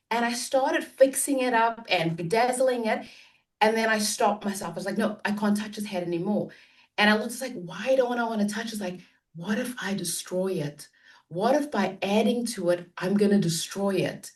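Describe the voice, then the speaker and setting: A woman on a panel telling her own story, animated, laughing and acting out the voices in it. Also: on the high side, a little fast, far from the mic. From Africa. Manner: animated, laughing, acts out dialogue.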